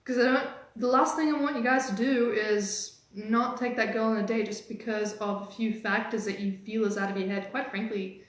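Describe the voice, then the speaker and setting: This is a woman dating coach on a live stream, motivating her audience in an energetic, teasing manner with rapidly changing pitch. Strong echo fills the recording.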